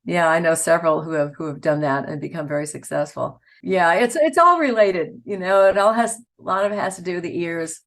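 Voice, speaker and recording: A woman's voice: on the low side, brisk, hardly any pauses. A woman, a voice actor telling stories in a casual interview and laughing often. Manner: chatty, laughs often, storytelling. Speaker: voice actor guest.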